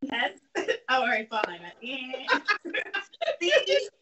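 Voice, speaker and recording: A woman's voice: high voice, huge pitch swings, drawn-out words, pushed and bright, lo-fi sound, a little hiss or hum. A woman playing along as a contestant in a casual game, laughing a lot. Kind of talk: casual chat. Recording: heard from far off.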